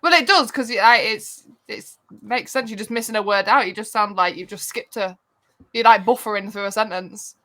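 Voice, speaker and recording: A woman's voice: medium pitch, moderate pace, fairly bright tone. A woman with a Yorkshire accent, chatting casually as a podcast guest, blunt and outspoken. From Yorkshire, England. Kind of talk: casual chat.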